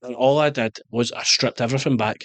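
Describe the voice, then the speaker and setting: A Scottish man in his thirties, a guest soccer coach, telling animated stories in a casual interview and slipping into quoted voices. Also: mid-range voice, quick pace, no room sound. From Scotland.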